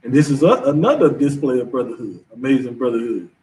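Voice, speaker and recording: A man's voice: mid-range voice, fast, darkish tone, far from the mic. A man leading a scripture class, talking in an emphatic, casual preaching manner. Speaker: class teacher.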